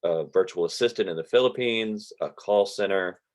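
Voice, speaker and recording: A man, teaching an online real estate class in a relaxed, rambling way over a video call. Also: fairly low pitch, moderate pace. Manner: relaxed, rambling, drawls with y'all. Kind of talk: casual online class lecture. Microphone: computer mic on a video call.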